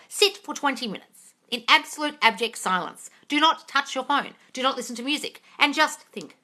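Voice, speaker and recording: A woman runs a live manifesting Q&A from her phone, answering viewer comments with no filter. Her voice sits a touch high and rings bright and forceful, and she swears freely and calls everyone darling. She jumps between big emphatic bursts and low asides. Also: expressive, fairly quick. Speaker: manifesting coach hosting a live Q&A.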